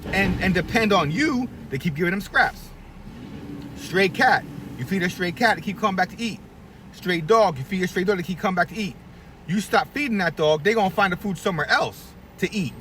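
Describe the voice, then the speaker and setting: A middle-aged barbershop owner rants to the camera in a blunt, profane, preachy way, with his pitch jumping up and down a lot. He sounds a bit far from the mic, with faint traffic noise behind him. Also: lively intonation, brisk, bright, forceful tone. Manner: blunt, profane, preachy, acts out quoted voices. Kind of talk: candid advice rant to camera.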